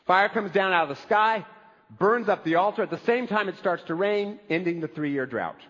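A male pastor with a high-sitting voice preaches a sermon in a conversational, animated style, tossing asides to the congregation. The recording has a big-room sound with the highs cut off.

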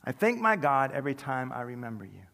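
A man preaching a sermon as pastor, conversational and self-deprecating, with quick humorous asides. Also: mid-range voice, sing-song, creaky, a bit bright, big-room sound. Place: large church sanctuary.

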